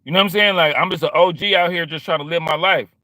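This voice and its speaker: Middle-aged male streamer, slangy casual monologue, bright and forceful tone, fairly high voice. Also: quick pace, dry recording. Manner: animated and slangy, acting out quoted exchanges.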